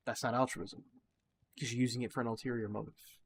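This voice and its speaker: A man with a mid-pitched voice rambles thoughtfully while playing a game, sharing opinions in a loose, reflective way. Faint background noise sits under his voice. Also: quick pace. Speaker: gaming channel host. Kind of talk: casual gameplay commentary with musings.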